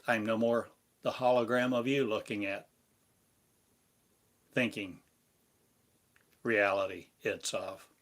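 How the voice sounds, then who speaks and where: A man giving a meditative spiritual lesson, speaking in slow, repetitive, incantatory phrases. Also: on the low side, steady tone, a bit bright. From United States. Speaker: spiritual teacher.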